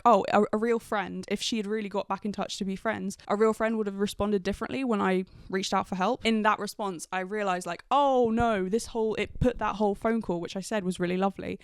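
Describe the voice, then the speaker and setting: A woman's voice: mid-range voice, smooth, no room sound, clean studio sound. A young woman, talking casually and chattily about friendship advice, with lots of "like" and frequent laughs. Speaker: vlogger.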